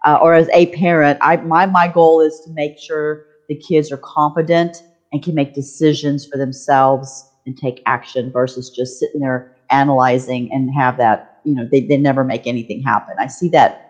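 A middle-aged woman hosting a podcast, telling stories in a casual, animated way and laughing often. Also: a bass voice, moderate pace, few pauses. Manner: animated storyteller, laughs often, voices quoted people. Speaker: podcast host. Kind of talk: casual chat.

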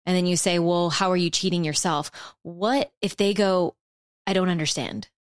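Woman podcast host, reflective interviewer, lower voice, dry recording. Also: moderate pace, dry recording. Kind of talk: interview conversation.

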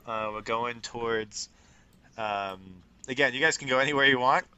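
A man's voice: medium pitch, measured pace, bright, forceful tone, smooth, highs cut off. A man narrating as game master of a tabletop role-playing game, casual and rambling, full of fillers.

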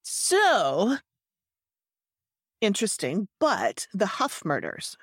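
A woman's voice: medium pitch, wildly swooping pitch, drawn-out words, slightly rough, no room sound, clean studio sound. A woman co-hosting a podcast, casually retelling a true crime story in a chatty way, laughing easily and trailing off mid-sentence. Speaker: podcast co-host.

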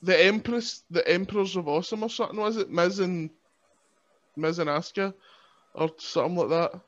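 A man's voice: sits high, a little fast. Joking man, lo-fi sound. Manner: rambling, joking, laughs often. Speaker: podcast guest, wrestler. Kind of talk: casual sweary chat. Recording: dull lo-fi sound.

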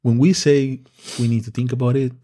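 A man with an ordinary mid-range voice co-hosts a casual podcast. He gives blunt advice and repeats his points to drive them home. He talks in a relaxed, plain way. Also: medium pitch, fairly quick. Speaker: podcast co-host. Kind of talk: casual chat.

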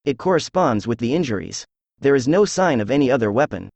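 A synthesized male voice reading the lines of a confident, precise male detective in an even, measured way. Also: mid-range voice, creaky, dry recording. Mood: calm.

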